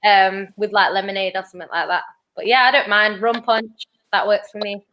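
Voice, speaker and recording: A woman guest on a casual podcast chat, easygoing and quick to laugh. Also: medium pitch, fairly even intonation, bright, forceful tone, lo-fi sound, slight background noise.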